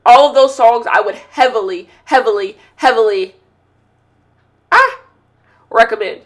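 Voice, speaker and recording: High-voiced animated woman podcast host. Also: unhurried. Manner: animated, swings between loud outbursts and quiet asides; candid and opinionated, with slangy banter. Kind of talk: casual chat.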